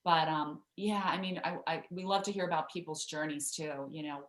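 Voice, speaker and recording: A woman's voice: low-pitched, steady tone, moderate pace, reverberant. A woman guest author telling a story in an interview, chatty with many fillers and restarts.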